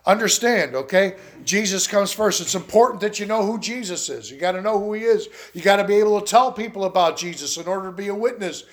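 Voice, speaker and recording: A man's voice: high-pitched, lively intonation, fast, few pauses. A man preaching a sermon. He tells folksy stories with laughs and asides. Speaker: pastor.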